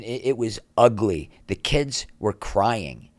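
A middle-aged man spins animated stories as a podcast guest, tossing in quick asides. His voice sits low, and the recording is dry and close, with no room sound. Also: no echo. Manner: animated anecdotes, quick asides, acts out quoted people. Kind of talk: casual interview storytelling.

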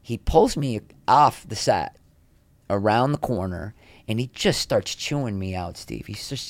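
A middle-aged man telling anecdotes in a casual interview as a podcast guest, lively, with quick asides. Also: on the low side, no room sound. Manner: animated anecdotes, quick asides, acts out quoted people.

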